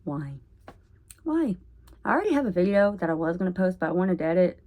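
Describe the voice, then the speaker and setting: A woman rambling in a casual vlog monologue at home, oversharing and jumping between topics with sudden loud bursts. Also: fairly low pitch, big pitch swings, brisk. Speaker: vlogger.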